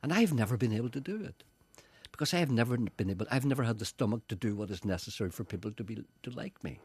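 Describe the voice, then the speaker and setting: A man's voice: mid-range voice, animated, fast, a little mellow, breathy edge. An older man, a radio presenter chatting and telling stories in a rambling way, often repeating "you see". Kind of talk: casual chat.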